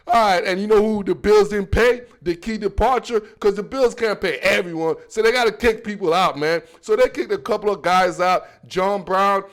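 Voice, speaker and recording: A young man with an African accent hosts a football podcast, riffing in slangy, animated casual talk and stretching words for emphasis. His voice sits high at a moderate pace.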